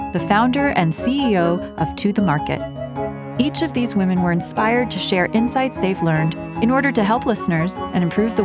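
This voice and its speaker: A woman host reading a scripted introduction to a podcast episode. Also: medium pitch. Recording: music bed underneath. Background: loud music.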